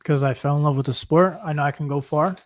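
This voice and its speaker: A man's voice: on the high side, steady tone, fast talker, no echo. A young man being interviewed as a guest, speaking confidently and emphatically. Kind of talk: casual interview.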